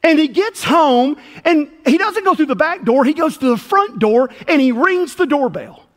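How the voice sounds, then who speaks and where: In a church sanctuary full of long hall reverb, a man preaches as pastor in a very high-pitched voice at a normal speed. He tells a story with animation, performing the voices of its characters.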